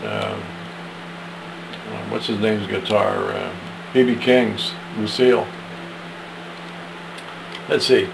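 Man with a gravelly, unhurried voice, rehearsing readings and grumbling about his mistakes. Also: fairly low pitch, fairly even intonation, noisy background. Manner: self-deprecating, muttering asides. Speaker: amateur reader of verses. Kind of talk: practicing readings aloud with self-commentary.

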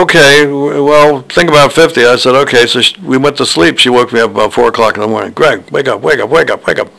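An older male author tells personal stories in a rambling, hesitant monologue full of fillers and restarts. His mid-range voice is gravelly and a bit bright, and the recording is rough.

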